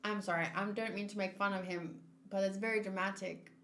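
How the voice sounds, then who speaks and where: A woman's voice: medium pitch, fairly even intonation, brisk, fairly bright tone. A woman hosting a manga read-along, chatting casually with her own commentary and often breaking off mid-thought. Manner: chatty, self-interrupting. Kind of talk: casual commentary while reading aloud. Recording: roomy echo.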